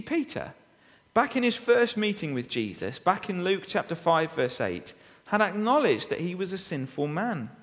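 A man delivers an expository sermon, his voice pitched a little high and moving lively up and down. He reads scripture and presses points home with rhetorical questions. A long reverb of a church hall trails each phrase. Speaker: preacher.

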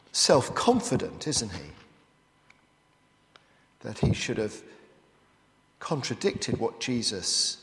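A man's voice: medium pitch, very animated, slow, pauses often, fairly bright tone. Man preaching in an echoey hall. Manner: asks the listeners rhetorical questions. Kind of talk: expository sermon. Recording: echoey hall with long reverb.

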